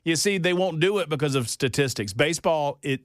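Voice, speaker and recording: A man hosting a talk radio show, folksy and jokey, his voice jumping up in loud disbelief. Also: a little high, expressive, a little fast, no echo, studio quality. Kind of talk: casual studio banter. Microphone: studio microphone.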